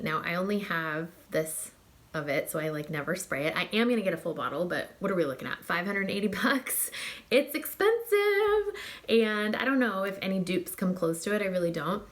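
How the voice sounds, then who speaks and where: A woman's voice: lowish voice, fairly bright tone. A young woman reviewing perfumes in a casual, gushing, filler-heavy chat. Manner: gushing and chatty, many fillers and likes. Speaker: fragrance reviewer.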